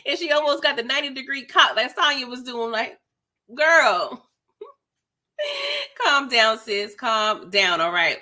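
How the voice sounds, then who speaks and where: A woman's voice: fairly high pitch, expressive, moderate pace, sharp tone. A young woman giving a sassy, slangy, casual recap of a reality TV episode, full of "like" and "girl".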